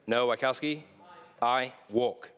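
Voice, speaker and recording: A male clerk reads out a roll call in a large legislative chamber, taking his time over each entry. His voice is of middling pitch and even. Long reverb rings through the hall. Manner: slow, measured roll call. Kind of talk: calling the roll.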